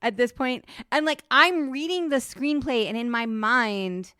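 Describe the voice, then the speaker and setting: A woman co-hosting a podcast from home, telling a story in a casual, animated way, peppered with "like" and swearing. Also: a little high, unhurried, smooth, dry recording, studio quality. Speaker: podcast co-host. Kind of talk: casual chat.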